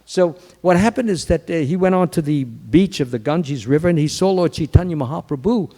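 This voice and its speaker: Guy preaching at a temple, kinda high voice, echoey hall, restarts words a lot. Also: expressive, dark tone. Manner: acts out quotes, restarts words, lists qualities slowly. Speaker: Hare Krishna swami giving a Sunday lecture. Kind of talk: sermon storytelling. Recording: long hall reverb.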